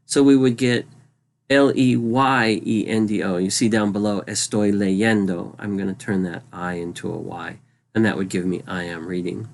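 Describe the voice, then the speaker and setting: A man teaching Spanish grammar in a relaxed, conversational way, spelling out letters over slides with frequent ums and small restarts. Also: fairly low pitch, normal speed, vocal fry. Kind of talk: explanatory lesson over slides.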